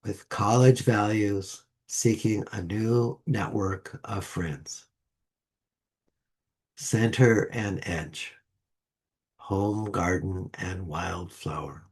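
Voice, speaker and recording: A man delivering a sermon to a congregation with a slow, measured delivery and deliberate pauses. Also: lowish voice, slightly rough. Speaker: lay speaker. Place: church sanctuary.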